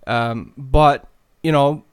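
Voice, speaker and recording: Podcast host, male, loose rambling chat, smooth clear tone, dry sound. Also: mid-range voice, fairly even intonation, extremely slow, no room sound. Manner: rambling, many fillers and restarts.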